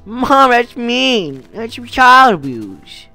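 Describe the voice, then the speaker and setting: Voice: mid-range voice, sing-song, extremely slow, sharp tone, dry recording, faint music behind, pitched above the performer's own voice, full character voice. A gamer voicing a whiny, sulky child monster in a raised, pouting voice. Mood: whining.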